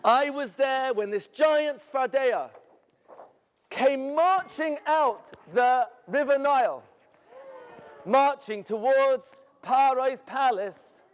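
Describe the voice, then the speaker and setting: High-voiced man telling a dramatic story. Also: slow. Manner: theatrical, asks the audience questions. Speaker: educator. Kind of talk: dramatic first-person storytelling to students. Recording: echoey hall.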